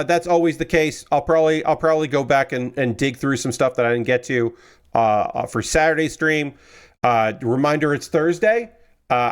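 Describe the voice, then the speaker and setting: A tired man hosting a casual model-building live stream, rambling in a relaxed way with lots of filler words and restarts. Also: mid-range voice, clear, resonant tone. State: tired, yawning.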